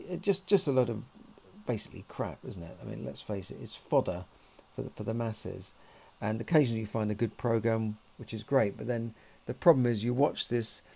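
A man's voice: medium pitch, gravelly, dark tone. A man, talking in a rambling, conversational monologue full of "you know" and restarts. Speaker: podcast host. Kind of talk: casual monologue.

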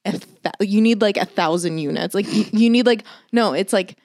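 A woman's voice: medium pitch, moderate pace, a little mellow, no room sound, clean studio sound. A young woman co-hosting a podcast in casual chat, rambling with lots of fillers and restarts. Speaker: podcast co-host.

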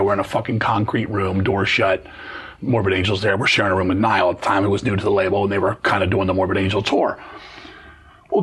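A man's voice: lowish voice, husky. A middle-aged man telling blunt, profane stories in an interview and acting out the voices of the people in them. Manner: fast, swearing, animated, acts out quoted voices. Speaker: interview guest, metal musician. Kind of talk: profane storytelling chat.

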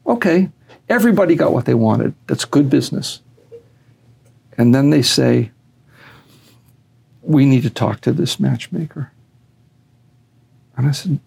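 A man's voice: gravelly, a little mellow, slightly rough. A man telling a long story animatedly, raising his voice when he acts out what others said. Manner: acts out quotes with raised pitch.

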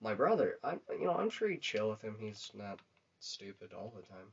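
A man's voice: on the low side, big pitch swings, moderate pace, gravelly, slightly rough. A young man chatting casually on a podcast, telling rambling, crude, profanity-laden stories. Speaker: podcast co-host. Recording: dull lo-fi recording.

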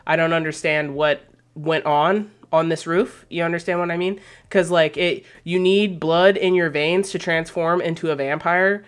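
Woman co-host, profane animated retelling. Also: lowish voice, normal speed, clean tone. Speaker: podcast co-host. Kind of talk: casual chat.

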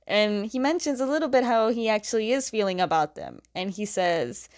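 A woman's voice: mid-range voice, normal speed, hardly any pauses. A young woman casually recapping a comic story, chatty, laughing often and leaning on "like.".

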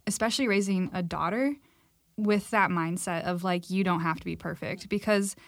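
A woman's voice: fairly low pitch, moderate pace, no room sound, clean studio sound. Young woman co-host, eager and chatty. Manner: enthusiastic, many "like" fillers. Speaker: podcast co-host. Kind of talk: casual faith-based conversation. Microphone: call.

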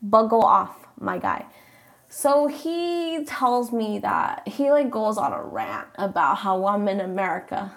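A woman's voice: medium pitch, big pitch swings, takes it slowly, vocal fry. A young adult woman whose first language is Spanish, ranting bluntly and swearing freely in a casual vlog. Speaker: vlogger. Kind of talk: casual rant.

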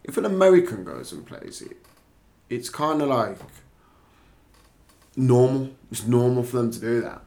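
A man's voice: mid-range voice, animated, a little slow, vocal fry, pauses often, darkish tone. Earnest man laying out a theory. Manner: explains his theories at length, earnest. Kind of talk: casual podcast chat.

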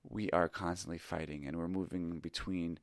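Man, middle-aged, very low voice, gravelly, confessional storytelling, candid and self-critical. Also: steady tone, moderate pace, no room sound, clean studio sound. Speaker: improv teacher.

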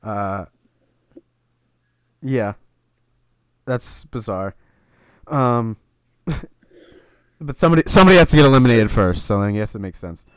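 A man's voice: lowish voice, expressive, measured pace, long pauses, clean tone, no room sound. A man co-hosting a podcast, wry and teasing, running through rosters in casual wrestling chat. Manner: wry, teasing, lists facts. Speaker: podcast co-host.

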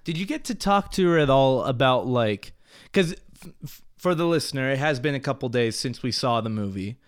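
Young male co-host, easygoing and unhurried, mid pitch, casual chat. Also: clean tone. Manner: relaxed, halting, many fillers. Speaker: podcast co-host. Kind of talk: casual movie review chat.

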